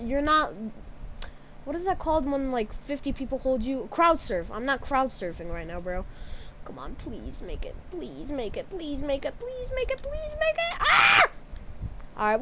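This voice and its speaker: A woman giving casual, jokey commentary while playing a game, yelping and shouting at the action. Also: medium pitch, slight background noise. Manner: excitable, yelps and shouts at the game; jokey, teasing asides to viewers. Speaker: gamer.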